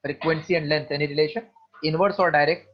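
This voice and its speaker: A man's voice: fairly high pitch, steady tone, fast. A man with an Indian accent teaching physics in an online class, mixing Hindi into his English and putting questions to his students. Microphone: video call. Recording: dull lo-fi online call audio.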